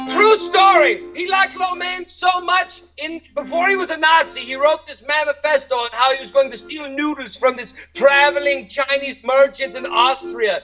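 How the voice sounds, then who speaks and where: A man's voice: very high-pitched, pushed and bright, lo-fi sound. A man doing an open-mic stand-up set who keeps checking how the audience reacts to his jokes. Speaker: stand-up comedian.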